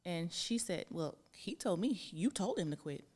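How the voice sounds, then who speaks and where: Frank, exasperated woman with a lowish voice. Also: lively intonation, normal speed, a little mellow. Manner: frank and exasperated, swears freely. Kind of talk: casual chat.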